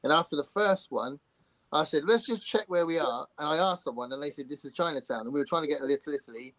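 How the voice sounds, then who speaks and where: A man with an English accent hosting a casual video-call chat, telling lively stories and chuckling as he goes. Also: a little high, fast, no room sound. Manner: animated storyteller, chuckles often.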